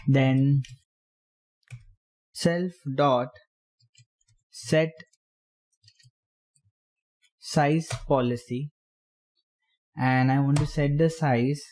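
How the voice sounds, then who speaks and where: A man explaining programming step by step while typing, in halting phrases. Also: medium pitch, fairly even intonation, darkish tone. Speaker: programming tutor. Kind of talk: screen-recorded coding tutorial.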